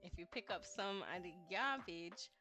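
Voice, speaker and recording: A man's voice: high-pitched, moderate pace, sharp tone, faint music behind. A woman voicing a male Rasta man character, reading his patois lines aloud from a game. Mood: earnest.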